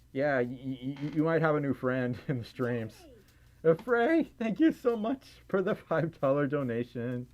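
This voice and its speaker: Southern man livestream host, lively giggly delivery, slightly raised pitch, lo-fi stream audio. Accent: Southern American. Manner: giggly, self-deprecating, lots of fillers. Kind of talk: casual livestream chat reading donations.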